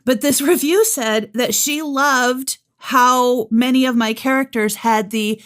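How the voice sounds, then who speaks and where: A woman's voice: high voice, slow pace, fairly bright tone. A woman co-hosting a podcast, a radio host and audiobook narrator, chatting and telling stories in a casual way. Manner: chatty, storytelling. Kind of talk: casual chat.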